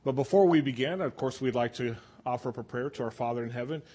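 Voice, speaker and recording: A man with a mellow, medium-pitched voice leads an evening Bible study at a quick pace. He explains scripture conversationally and puts questions to the group, keeping the teaching casual.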